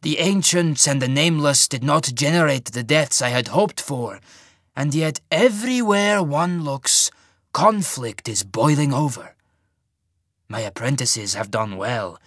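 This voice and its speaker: Old rotund mage lord, genial but sinister, unhurried delivery, played by a man narrator. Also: medium pitch, husky, no room sound, clean studio sound. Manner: slow, measured, softly menacing.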